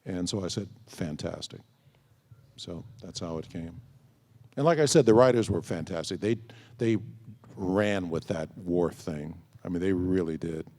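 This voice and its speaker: A long hall reverb hangs over this clip from a large convention hall, where a man with a low-pitched, a little slow and slightly mellow voice answers fans' questions as a panel guest. He tells anecdotes and acts out bits of quoted dialogue in storytelling-style answers.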